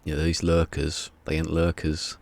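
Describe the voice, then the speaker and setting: A man with a very deep, gravelly voice talks through a live game stream. His chat is rambling and wry, and he keeps slipping into mumbled asides to himself, with creak running through the low end. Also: monotone, measured pace.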